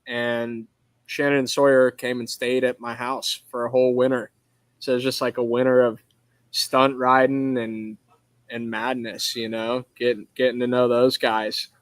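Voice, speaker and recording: A man from Arizona with a relaxed, rambling way of talking full of fillers, a guest in a casual podcast interview from his welding shop over a video call. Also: mid-range voice, no room sound. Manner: laid-back, rambling, filler-heavy talk.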